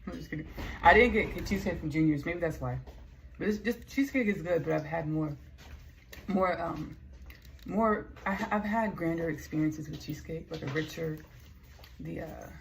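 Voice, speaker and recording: Chatty Texan woman with gravelly fry. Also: sits low, slight background noise. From Texas. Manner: rambling, chatty, playful asides. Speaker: vlogger. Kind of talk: casual vlog chat.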